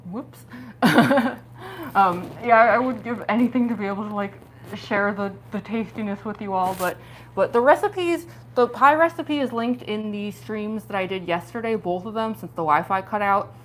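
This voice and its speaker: Hosting a casual livestream, this young woman has a mid-range voice and a moderate pace as she talks around costume teeth. She is bubbly and rambly, laughing and using fillers constantly, with her pitch leaping on excited exclamations. A slight hiss or hum is audible.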